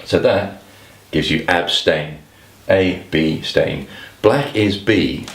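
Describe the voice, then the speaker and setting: A man's voice: sits low, slow, creaky, roomy sound. A man teaching how to solve crossword clues, thinking aloud with asides and small restarts. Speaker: crossword tutor. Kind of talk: explanatory lesson to camera.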